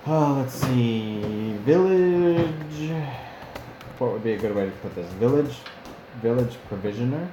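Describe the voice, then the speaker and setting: Slow, musing man as game master. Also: medium pitch, lively intonation. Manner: slow, musing, sounds out fantasy names. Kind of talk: live-streamed campaign writing, thinking aloud. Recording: echoey room with clear background noise.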